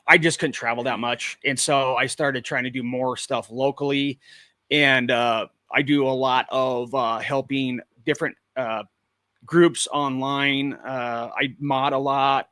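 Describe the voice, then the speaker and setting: A man's voice: mid-range voice, fairly bright tone, no echo, studio quality. A man from Washington State, a paranormal investigator, telling his experiences matter-of-factly as an interview guest over a video call. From Washington State, USA. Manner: matter-of-fact, plain-spoken storyteller. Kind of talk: casual interview talk.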